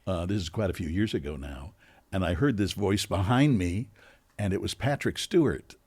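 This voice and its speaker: Guy hosting a podcast, husky voice, really lively pitch, curious questions. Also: normal speed. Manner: curious, asks follow-up questions. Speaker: podcast host. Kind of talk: conversational interview questions.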